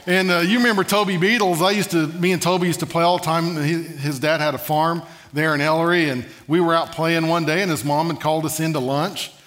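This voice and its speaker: A man preaching a sermon, telling humorous stories in an animated way and asking the congregation for an amen. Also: on the high side, brisk, hardly any pauses. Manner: animated, humorous storytelling with call-and-response.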